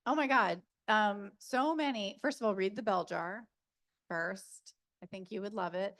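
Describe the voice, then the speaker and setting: Chatty South Jersey woman, gravelly voice. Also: mid-range voice, unhurried, a bit bright. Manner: chatty storyteller, laughs often, many fillers. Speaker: author answering audience questions. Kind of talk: casual Q&A talk. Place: university event room. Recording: Zoom capture of a room talk.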